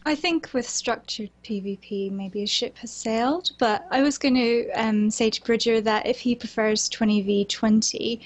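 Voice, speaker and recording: A woman on a gaming podcast panel, giving brief, measured answers. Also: on the high side, fairly even intonation. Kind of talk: casual gaming podcast chat. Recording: dull lo-fi audio.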